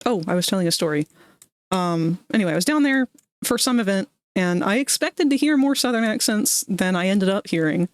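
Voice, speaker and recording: A woman's voice: medium pitch, expressive, fairly quick, no room sound. A woman from Maryland chatting casually on a livestream while playing a game, rambling through stories with self-deprecating asides. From Maryland, United States. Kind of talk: casual chat while gaming.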